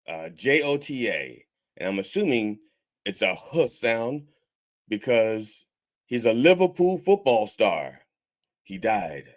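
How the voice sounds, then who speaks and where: A man's voice: mid-range voice, lively intonation, a little slow. A man hosting a comedic church-style podcast, rambling and swearing with preacher mannerisms. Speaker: host of a mock church podcast. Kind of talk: casual comedic sermon-style talk.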